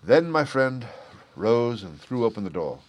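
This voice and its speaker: A man narrating a classic detective story in a steady, even storytelling manner. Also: medium pitch, a little slow. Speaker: audiobook reader. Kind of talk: scripted narration.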